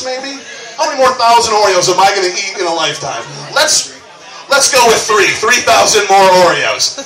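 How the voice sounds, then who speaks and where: Crude, lively male stand-up comic. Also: sits high, far from the mic. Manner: crude, conversational, wry asides. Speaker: stand-up comedian. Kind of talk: live stand-up set. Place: comedy club stage. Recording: roomy club recording from afar.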